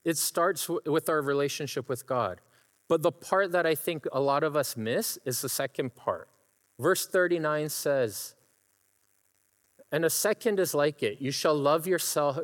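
A middle-aged male pastor delivering a sermon in a storytelling way, now and then imitating a friend's laugh. His voice sits a little higher than most men's. A long reverb trails each phrase, as in a large hall. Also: a little slow.

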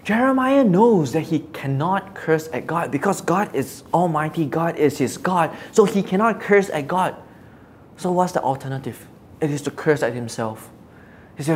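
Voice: medium pitch, lively intonation, moderate pace, darkish tone, a little hiss or hum. Earnest, reflective Bible teacher. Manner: earnest, reflective, asks rhetorical questions. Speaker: preacher.

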